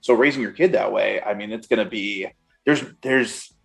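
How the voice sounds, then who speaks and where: Guy hosting a podcast, loose chatty talk, kinda low voice. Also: normal speed, vocal fry, soft background music. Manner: chatty, loose, lots of fillers. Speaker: podcast host. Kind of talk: casual interview chat.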